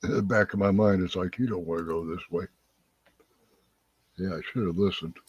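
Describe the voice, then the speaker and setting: A man with a husky, fairly low voice spins folksy stories as host of a live chat show. The sound is dry and dull, like a lo-fi home setup. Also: moderate pace, no room sound. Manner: folksy, laughs through his stories. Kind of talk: casual storytelling chat.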